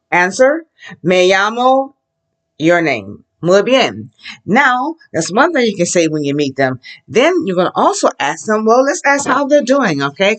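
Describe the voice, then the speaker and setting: Lively woman teaching kids, slow repeats. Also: mid-range voice. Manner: slow, drawn-out call-and-repeat prompts. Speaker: Spanish teacher. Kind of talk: children's language lesson. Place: classroom with a chart behind her.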